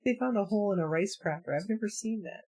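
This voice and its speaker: A woman in her forties chatting casually on a live stream, telling stories in an animated way and laughing often. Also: mid-range voice, fast, slightly rough. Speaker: streamer and comic artist.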